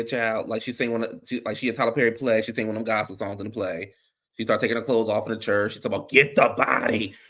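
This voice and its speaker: A man's voice: mid-range voice, fairly bright tone. A man hosting a casual chat, giving blunt, opinionated and profane movie takes. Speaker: podcast host.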